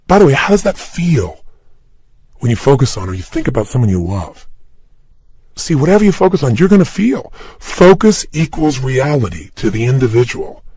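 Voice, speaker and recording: A middle-aged man giving an energetic, emphatic motivational talk straight to the listener, recorded at a studio microphone without a script. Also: mid-range voice, husky, no echo. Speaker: motivational speaker. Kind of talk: motivational talk for an audio program. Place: recording room, unscripted and standing.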